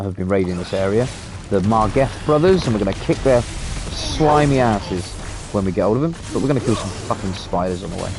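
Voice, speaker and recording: A British man chatting casually and swearing freely as he streams a game. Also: low-pitched. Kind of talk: casual live gameplay commentary.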